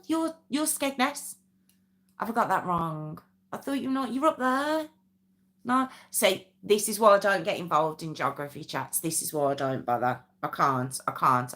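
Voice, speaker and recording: Woman, English Midlands accent, casual live-stream chat, animated rising-and-falling pitch, bright tone. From England. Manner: chatty, rambling, self-deprecating, reads viewer comments aloud. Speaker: true crime livestream host.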